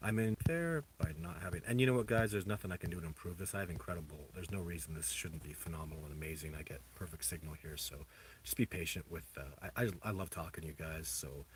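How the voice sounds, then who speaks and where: A man hosting a casual livestream, answering viewer questions in a rambling, halting way with many restarts. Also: low voice, slight background noise. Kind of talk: casual live chat.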